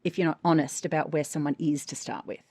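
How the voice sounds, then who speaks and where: A frank, emphatic woman coaching voice actors in casual podcast chat. Her voice sits a little low for a woman, and she keeps checking in with "right?". The sound is dry and close, with no room echo. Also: steady tone, fast, warm tone. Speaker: voice-over coach and podcast co-host.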